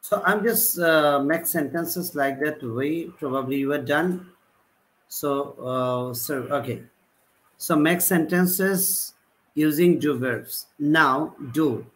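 A man teaching a live online class, repeating example sentences with a halting delivery. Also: on the high side, a bit bright, poor audio. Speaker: English teacher.

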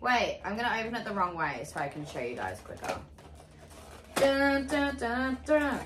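A young woman in her twenties chatting casually through a haul unboxing, excitable, exclaiming and swearing freely. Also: mid-range voice. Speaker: vlogger. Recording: echoey room with faint hiss.

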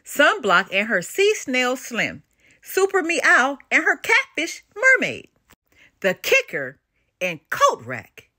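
An older woman narrating a children's picture book in an expressive, animated read-aloud style. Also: high voice, slow pace, no room sound, studio quality. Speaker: storybook reader.

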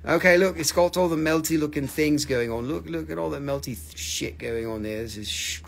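A man's voice: on the high side, brisk, vocal fry, hardly any pauses. Joking, foul-mouthed man hosting a crystal sale. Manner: joking, teasing, swears freely. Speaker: host selling crystals on a livestream. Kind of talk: casual live sales chat.

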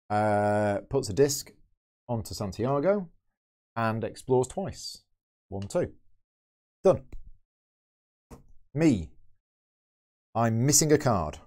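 Man, board game host, solo playthrough commentary, thinks aloud, warm mellow voice. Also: medium pitch. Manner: thinks aloud, counting and explaining moves.

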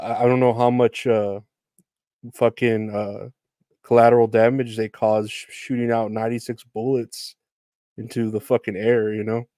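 A man's voice: mid-range voice, mellow, no echo, clean studio sound. Rambling sardonic man ranting solo. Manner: rambling, sardonic and profane, full of fillers. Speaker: podcast host. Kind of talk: casual solo podcast rant.

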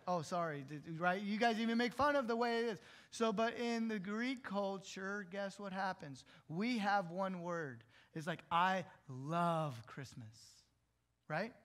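A pastor delivers a sermon from the pulpit of a church in a relaxed, conversational way. His voice sits high for a man, and he keeps tossing questions out to his listeners, his energy lifting as he goes. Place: church sanctuary.

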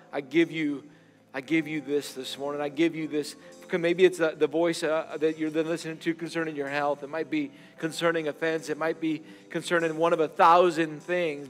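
A man pastor closes the service with an altar call and prayer, speaking haltingly with many fillers. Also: fairly high pitch. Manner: halting, many fillers, builds into fervent exhortation. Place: church sanctuary. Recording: church hall reverb with soft music.

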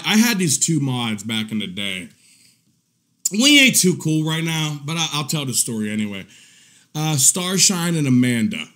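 A man with a mid-range, slightly bright voice hosts a live stream, giving commentary in a casual, rambling way. He swears, repeats himself and often breaks into laughter.

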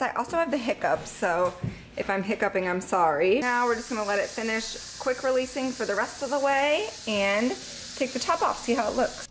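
A woman's voice: fairly high pitch, a little hiss or hum. Chatty woman vlogging in her kitchen. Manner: chatty, explains each step to viewers. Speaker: cooking vlogger. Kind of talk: casual cook-along narration. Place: home kitchen.

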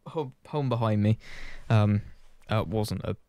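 With a mellow, lowish voice at normal speed, this man talks to his channel's viewers in a loose, self-deprecating ramble, dropping casual swears. He hosts a gaming channel, and the to-camera recording is dry, with no room sound.

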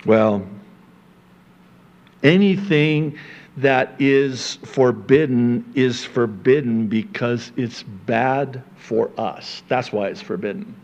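A male pastor preaches slowly, veering between loud, high emphasis and low, quiet asides, chuckling conversationally with his congregation. The audio sounds dull.

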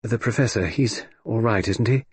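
A man's voice: lowish voice, moderate pace, darkish tone, breathy edge, no room sound. A man voicing an anxious, earnest female assistant in an audiobook reading. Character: woman assistant, anxious and quick. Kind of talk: audiobook character voice.

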